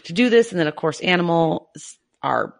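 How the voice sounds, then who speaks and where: A woman co-hosting a casual podcast, talking in an emotional, halting way as she gets teary. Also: lowish voice, expressive, creaky. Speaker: podcast co-host.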